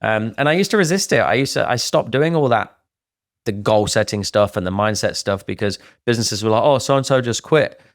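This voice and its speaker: A middle-aged man chats on a podcast in a low voice, picked up close with a dry sound. He talks in an animated way and slips into other people's voices to act out their remarks. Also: a little fast, no room sound. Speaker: podcast co-host. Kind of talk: casual podcast conversation.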